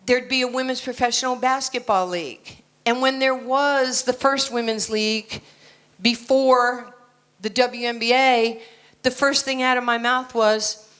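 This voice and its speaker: An American woman in her sixties gives a motivational keynote on an indoor conference stage, her voice on the high side, steady, fairly bright, and clean, at a measured pace. Blunt and confident, she adds joking asides.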